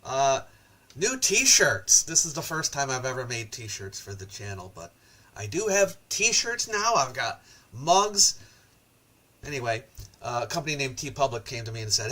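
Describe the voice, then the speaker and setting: A man's voice: medium pitch, big pitch swings, measured pace, sharp tone. A man hosting a casual livestream about ancient history, chatting loosely with viewers and reading their comments aloud between frequent ums and uhs. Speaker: host and ancient history lecturer.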